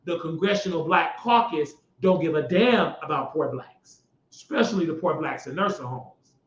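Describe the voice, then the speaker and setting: A man with a high voice hosts his own show and tears into politics in a loud, mocking rant, climbing to shouts as he gets worked up. The sound is roomy and a little dull, as if from a home setup. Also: expressive, normal speed. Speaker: show host. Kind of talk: heated political commentary.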